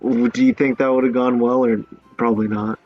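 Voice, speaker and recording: A man's voice: medium pitch, flat delivery, a little fast. A man hosting a comedic podcast, steering the chat with prompting questions, on a muffled recording with faint music. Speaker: podcast host.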